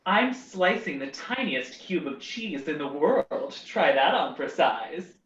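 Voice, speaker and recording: A man's voice: fairly high pitch, big pitch swings, takes it slowly, fairly bright tone, dull audio. A man playing an improv comedy game on a video call, giving easygoing one-liners. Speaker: improv performer. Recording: echoey distant video call audio.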